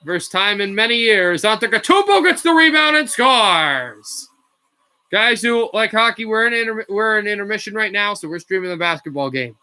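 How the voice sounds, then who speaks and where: High, sharp-voiced man calling a game. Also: expressive, clean tone. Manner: rapid call with slips and self-corrections, rising to shouts on scores. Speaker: play-by-play streamer. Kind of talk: amateur live play-by-play commentary.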